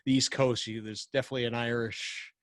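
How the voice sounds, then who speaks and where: A man's voice: medium pitch, fast, no echo. A man from Scotland with a Canadian accent, a podcast guest chatting casually and hedging with lots of fillers. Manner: relaxed, hedging with many fillers.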